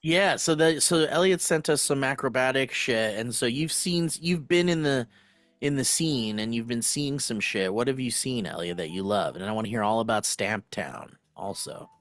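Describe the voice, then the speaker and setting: A man co-hosting a podcast in casual chat, an animated storyteller who slips into loud voices of the people he describes. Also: mid-range voice, moderate pace, no echo. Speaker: podcast co-host.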